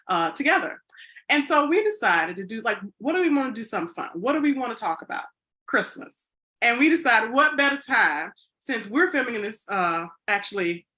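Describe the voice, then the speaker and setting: A woman's voice: medium pitch, sharp tone. A woman co-hosting a podcast in casual chat. She rambles playfully and corrects herself, with lots of "you know" fillers. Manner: playful and chatty. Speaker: podcast co-host.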